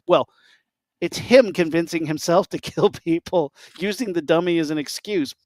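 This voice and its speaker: Guy rambling excitedly about movies, kinda high voice, dry sound. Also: normal speed, no room sound. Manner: excited storytelling, many fillers and restarts. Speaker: podcast co-host. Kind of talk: casual chat.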